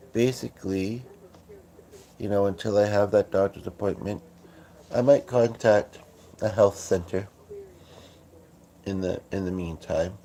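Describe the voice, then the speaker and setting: A man hosting a casual livestream from his couch, talking in a groggy morning voice with many halting fillers and restarts. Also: lowish voice, warm tone. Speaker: livestream host. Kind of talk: casual rambling livestream chat. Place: at home on a couch.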